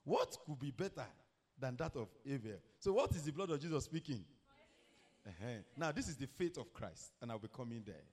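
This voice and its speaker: A middle-aged man preaching a sermon, telling a story and asking the congregation questions, with sudden shouted peaks. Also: mid-range voice, sing-song, fairly quick, breathy edge.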